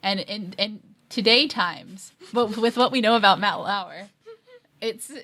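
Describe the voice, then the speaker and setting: A woman's voice: mid-range voice, measured pace, pushed and bright. A woman co-hosting a casual review chat, laughing easily and telling stories with animation. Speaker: co-host.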